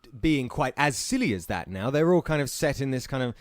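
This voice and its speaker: A man's voice: mid-range voice, animated, brisk. Brit guy in his 20s, bouncy voice, chatty, keeps hunting for the right word. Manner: chatty, searching for words. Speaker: podcast co-host. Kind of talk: casual film review chat.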